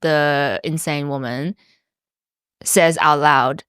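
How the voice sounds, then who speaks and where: A woman's voice: fairly low pitch, moderate pace, fairly bright tone, dry recording, studio quality. A woman hosting a podcast quiz, chatting casually and laughing often as a playful quizmaster. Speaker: podcast host running a quote quiz.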